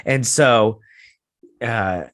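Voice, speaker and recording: A man hosting a casual episode recap and review, rambling through it in an animated way and leaning on "he's like" retellings. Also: medium pitch, drawn-out words, no room sound. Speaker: host.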